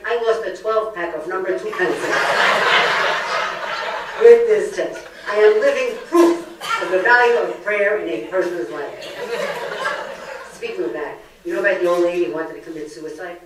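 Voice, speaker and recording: A woman's voice: fairly low pitch, moderate pace, background noise. An older woman from Brooklyn, giving a comedic lecture full of jokes and stories. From Brooklyn, New York. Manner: joke-telling, lively storyteller. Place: library meeting room. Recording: echoey room, distant mic.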